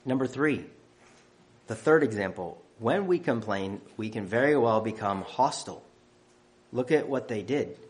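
A man's voice: mid-range voice, expressive, measured pace. Emphatic male preacher listing points. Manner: emphatic, counting off numbered points. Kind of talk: sermon.

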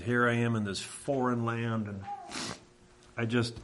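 A middle-aged man from Washington telling a personal faith testimony in a halting, reflective way, often pausing and restarting. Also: mid-range voice, fairly even intonation, fairly bright tone, slight background noise. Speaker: speaker sharing a testimony.

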